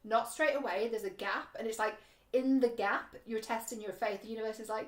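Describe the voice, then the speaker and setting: A young British woman talks straight to camera in a chatty, frank way, dropping swear words and lots of "like" fillers. Her voice sits a little high. The room around her rings with echo. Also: steady tone, brisk. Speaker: dating coach and vlogger. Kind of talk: casual advice to camera. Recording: echoey room.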